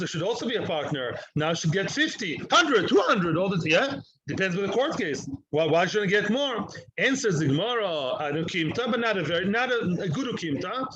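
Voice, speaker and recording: A man teaching a daily Talmud lesson, animated and explaining by playing out both sides with rhetorical questions. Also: sits high, dull audio.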